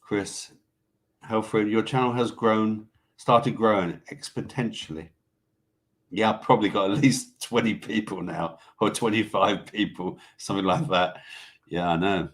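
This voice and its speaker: Guy with a lowish voice hosting a livestream, rambling and sweary. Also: unhurried. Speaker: live show host reading viewer comments. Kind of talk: casual livestream chat.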